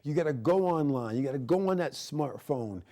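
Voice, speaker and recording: A middle-aged man hosting a TV show as a karate instructor, energetic and preachy, repeating his points and shouting martial arts cries. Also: a little high, normal speed. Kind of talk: martial arts lesson with motivational talk. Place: TV studio.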